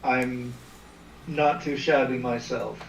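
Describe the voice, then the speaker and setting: A man's voice: mid-range voice, steady tone, slow, vocal fry, a little hiss or hum. Hesitant man at a game table. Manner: hesitant, many restarts. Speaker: player. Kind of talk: casual tabletop game chat. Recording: echoey room, distant mic.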